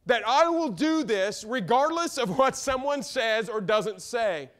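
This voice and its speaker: Fervent high-voiced preacher. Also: male voice, expressive, unhurried. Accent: Midwestern American. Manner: fervent preaching with sudden loud outbursts and quiet drops. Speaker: pastor. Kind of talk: sermon. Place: church sanctuary.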